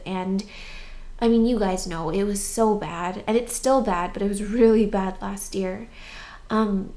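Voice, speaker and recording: A woman's voice: medium pitch, gravelly, a little mellow. A young woman speaks openly to her camera in a personal vlog, her voice stuffy and congested after crying. She rambles, circling back with fillers as she talks. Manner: candid, rambling with many fillers. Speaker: vlogger.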